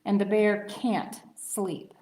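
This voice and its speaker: A woman librarian reading a picture book aloud to children, slow and expressive. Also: mid-range voice, a little hiss or hum. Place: library story time room. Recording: roomy library room.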